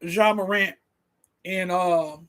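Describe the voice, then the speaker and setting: Excitable man hosting a show. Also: high-pitched, takes it slowly. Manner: excitable, laughing, stumbles and repeats words, keeps addressing the audience. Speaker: host. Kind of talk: casual livestream commentary.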